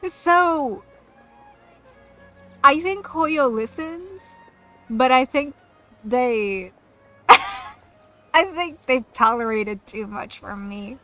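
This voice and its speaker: A woman's voice: high voice, animated, very slow, pauses often, a bit bright, faint music behind. A woman streaming a game, chatting casually in a rambling, giggly, self-mocking way.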